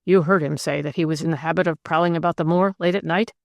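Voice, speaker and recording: A woman narrator voicing a cool, calculating woman conspirator who talks with composure and jumps to sharp, bright rises. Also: sits low, fairly even intonation, quick pace, gravelly, no echo.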